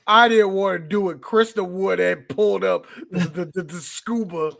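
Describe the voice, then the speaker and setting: A man's voice: sits high, normal speed, vocal fry, a bit bright. A man co-hosting a casual movie podcast, joking, laughing often and acting out quotes. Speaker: podcast co-host. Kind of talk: casual chat.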